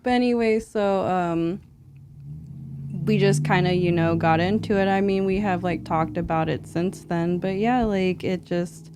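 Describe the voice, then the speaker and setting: A woman's voice: on the low side, fairly even intonation, measured pace, noisy background. A young woman, a mother, talking reflectively as a podcast guest in casual chat, with lots of filler words.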